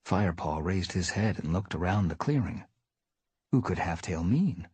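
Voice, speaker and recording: Husky, low man reading a story live, animated delivery, dry close sound. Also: moderate pace, no room sound. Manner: lively, shifting voices for characters. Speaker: reader.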